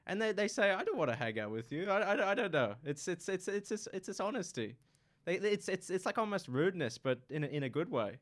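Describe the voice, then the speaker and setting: A young man, a student guest in a casual chat, talking in a halting, playful way and repeating words. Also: high voice, sing-song, a bit bright. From Australia.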